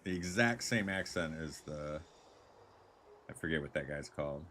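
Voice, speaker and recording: A man streaming a video game live, thinking out loud in a laid-back, jokey way. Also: very deep voice, animated, moderate pace, slight background noise. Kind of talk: casual live gameplay commentary.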